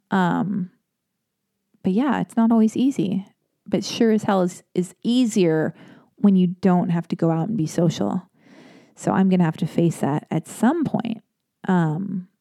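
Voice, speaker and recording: A woman hosting a podcast alone, chatting casually in a rambling way with animated asides. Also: on the low side, measured pace, creaky, pauses often, no room sound, clean studio sound. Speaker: podcast host. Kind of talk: casual solo podcast talk.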